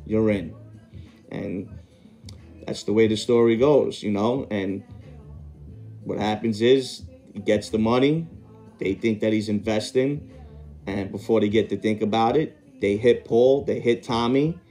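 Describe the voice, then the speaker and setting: A man's voice: fairly low pitch, unhurried, dark tone, soft background music. A man hosting a podcast who tells a long story casually, wandering off and correcting himself as he tries to remember details. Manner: rambling, self-correcting, stops to recall details. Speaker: podcast host telling a story.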